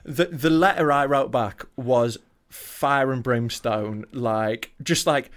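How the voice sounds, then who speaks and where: A man's voice: mid-range voice, slow pace. A man who is a comedian and podcast host, telling stories in casual chat, swearing often. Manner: swearing, animated storyteller.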